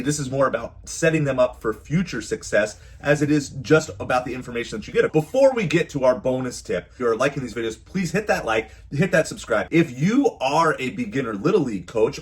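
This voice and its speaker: A man's voice: medium pitch, husky. A man who is a youth baseball coach and parent, giving casual, earnest advice to camera and often repeating his phrases.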